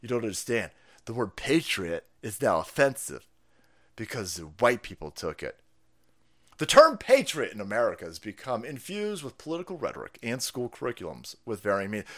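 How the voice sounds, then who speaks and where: A man's voice: medium pitch, big pitch swings, a little fast, fairly bright tone. A hungover man hosting a stream, ranting in profane, combative and sarcastic political commentary. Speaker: streamer host.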